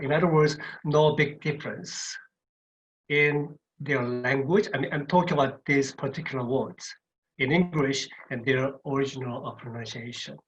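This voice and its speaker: A man's voice: medium pitch, normal speed. A man lecturing in an online webinar, repeating words and checking in with "okay" as he goes. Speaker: university lecturer. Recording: dull lo-fi webinar audio.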